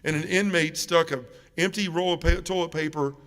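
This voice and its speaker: A man giving an earnest, emotional faith testimony at a parish mission, dropping soft and low in the heavy moments. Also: fairly even intonation, moderate pace. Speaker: guest speaker at a parish mission. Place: church. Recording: reverberant church sanctuary.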